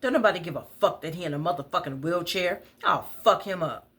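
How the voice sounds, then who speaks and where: Lady doing a tough lady in her forties cussing out a guy, fast and loud. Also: fairly low pitch, pitched above the performer's own voice, natural voice. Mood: fierce. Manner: loud, brash, cursing, fast. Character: bold, protective woman in her forties.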